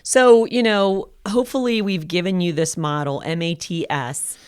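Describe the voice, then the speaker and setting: Middle-aged woman, low voice, encouraging podcast co-host, teaches through examples. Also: normal speed, a little mellow, smooth. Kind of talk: casual parenting podcast chat.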